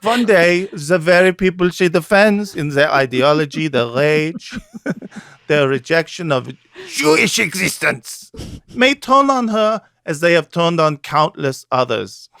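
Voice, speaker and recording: A man's voice: fairly high pitch, lively intonation, measured pace, gravelly, a bit bright, no room sound, clean studio sound. A man co-hosting a podcast, reading an article aloud with mock drama and sarcastic asides. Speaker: podcast co-host. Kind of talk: casual chat, reading an article aloud mockingly.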